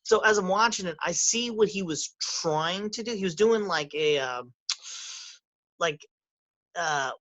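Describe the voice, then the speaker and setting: Rambling, animated young man, dry sound. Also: high-pitched, unhurried, no room sound, highs cut off. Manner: rambling, animated, swearing, acts out quotes in a raised voice. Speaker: podcast co-host. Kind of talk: casual chat.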